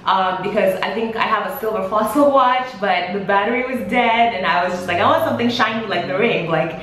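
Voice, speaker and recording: A woman's voice: medium pitch, fairly quick. A young woman vlogger telling a story in a casual chat, acting out what everyone said. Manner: animated, acts out quoted dialogue. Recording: echoey room with faint hiss.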